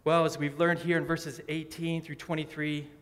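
A male pastor delivers an emphatic sermon in a slightly higher-than-average voice. His words ring through the long reverb of a large church sanctuary, and he keeps asking rhetorical questions and repeating his key lines. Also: flat delivery, normal speed, a bit bright.

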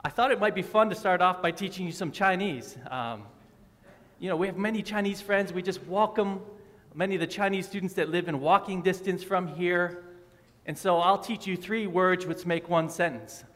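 A man in his thirties delivers a sermon from the pulpit, his voice pitched a little high for a man. He talks in a friendly, joking way with the congregation. The sound rings with a long reverb from the church hall. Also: moderate pace, a bit bright. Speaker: preacher. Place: church sanctuary.

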